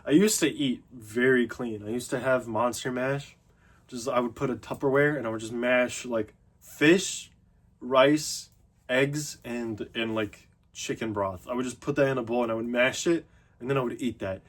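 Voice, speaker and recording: A man's voice: medium pitch, fairly even intonation, normal speed. A young man talking casually to the camera as a fitness vlogger, loose and self-mocking, full of fillers and restarts. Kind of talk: casual rambling monologue.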